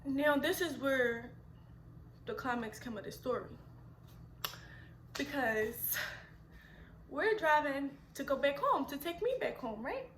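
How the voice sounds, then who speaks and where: A woman, telling a storytime vlog in an animated, chatty, slangy way. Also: high voice, takes it slowly, pauses often, echoey room, a little hiss or hum. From Philadelphia. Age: 20s. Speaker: vlogger.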